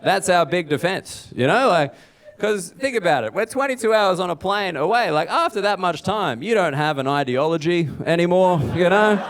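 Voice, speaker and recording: Brief: Australian male comic, dry laid-back delivery, a bit higher pitch. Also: lively intonation, moderate pace. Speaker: stand-up comedian. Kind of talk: stand-up set.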